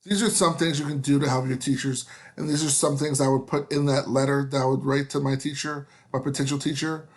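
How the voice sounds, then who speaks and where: A man's voice: medium pitch, fairly even intonation, brisk, hardly any pauses. Casual male teacher running a webinar. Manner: casual, joking, with frequent fillers. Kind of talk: online class webinar.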